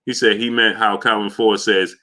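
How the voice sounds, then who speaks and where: A man from New York runs a casual boxing livestream, greeting viewers by name and answering super chats. His voice sits low yet comes across bright and forceful. He breaks into loud hype bursts between relaxed takes. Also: moderate pace.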